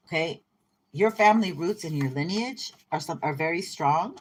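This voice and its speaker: A woman's voice: deep voice, expressive, moderate pace, breathy edge. A woman giving a casual, chatty tarot reading in an irreverent manner, often laughing. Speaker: tarot reader. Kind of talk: casual spiritual card reading.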